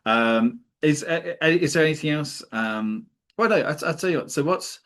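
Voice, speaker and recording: A man's voice: on the high side, expressive, moderate pace, fairly bright tone. A man hosting a casual comedy podcast, rambling and often breaking into laughter as he talks. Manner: giggly, rambling, often laughing mid-sentence. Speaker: podcast host.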